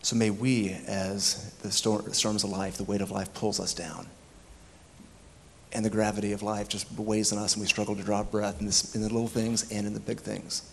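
A man's voice: on the low side, flat delivery, moderate pace, vocal fry, slight background noise. A man preaching a sermon, reflective, acting out the words of the people in his story. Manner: reflective, acts out the thieves' words. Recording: long hall reverb, faint ambience.

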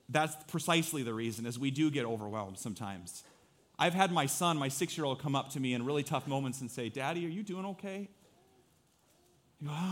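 A pastor in his thirties preaching a conversational, animated sermon, acting out little quotes from his family and listeners. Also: medium pitch.

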